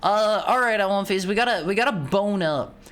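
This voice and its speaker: A woman's voice: mid-range voice, brisk. A young woman streamer chatting casually while playing a game, rambling and often stumbling over and repeating her words. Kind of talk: casual let's-play commentary.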